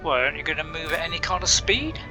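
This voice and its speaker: A man's voice: fairly high pitch, lively intonation, fast, music in the background. A man rambling casually through gameplay commentary, chatty and laughing often, talking to himself. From Bristol, England. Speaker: gaming channel host.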